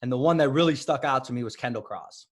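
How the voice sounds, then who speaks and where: A man's voice: medium pitch, fast talker. A man from Illinois, a wrestling coach, telling stories as a podcast guest and often restarting his sentences. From Illinois, United States. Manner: rambling, self-correcting storyteller. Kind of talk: casual interview.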